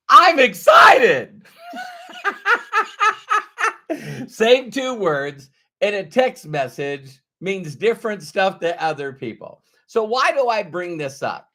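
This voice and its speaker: A man delivers a motivational business training talk, telling stories and posing rhetorical questions while stressing his words slowly. His voice sits on the high side and sounds a bit bright.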